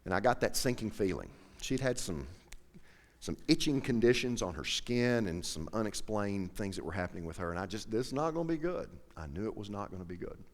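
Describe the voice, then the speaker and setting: A man's voice: on the low side, a little fast, big-room sound. A middle-aged man telling an emotional personal story to an audience, acting out the dialogue as he goes. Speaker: professional angler.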